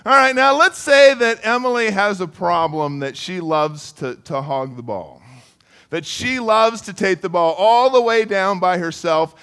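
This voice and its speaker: A man's voice: sits high, fairly bright tone. A middle-aged man preaching a sermon in a conversational way, calling on listeners by name and often repeating words. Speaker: pastor.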